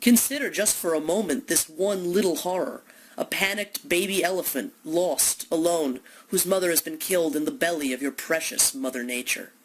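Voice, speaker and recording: A woman giving an impassioned, accusatory monologue full of rhetorical questions, building to loud declamation. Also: deep voice, moderate pace, rough recording. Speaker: speaker delivering a philosophical monologue.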